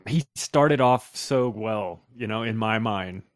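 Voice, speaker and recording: Deadpan male co-host, middle pitch, dry recording. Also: slow, no room sound. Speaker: podcast co-host. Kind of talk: casual comedic banter.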